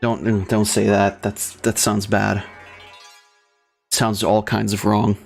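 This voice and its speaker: A man's voice: fairly low pitch, little pitch movement, slow, creaky, soft background music. A man doing gameplay commentary in a crude, sarcastic, profane rant. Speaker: let's play host.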